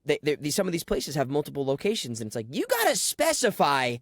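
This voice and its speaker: A man's voice: a little high, wildly swooping pitch, quick pace, dry recording, studio quality. A man hosting a podcast, chatting casually with a guest and encouraging him along. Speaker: podcast host. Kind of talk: casual interview chat.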